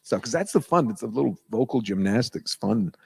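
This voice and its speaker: An American man, a voice actor guest at a convention panel, telling lively stories and slipping into voices in an auditorium. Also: fairly low pitch, brisk, vocal fry, breathy edge. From United States. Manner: animated storyteller, slips into voices and impressions.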